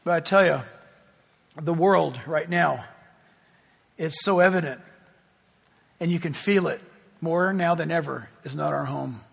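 A man's voice: fairly high pitch, a little slow, creaky, pauses often, breathy edge, long reverb tail. A middle-aged man preaching a sermon as pastor, telling chatty stories with self-deprecating humor.

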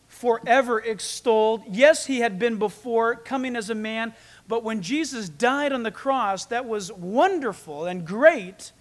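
A man, a pastor, preaching a sermon, swinging between loud emphatic peaks and quiet asides to the congregation. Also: high voice.

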